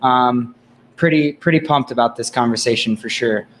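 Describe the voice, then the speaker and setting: A man co-hosting a podcast in a relaxed, casual chat. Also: medium pitch, moderate pace, a little hiss or hum. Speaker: podcast co-host.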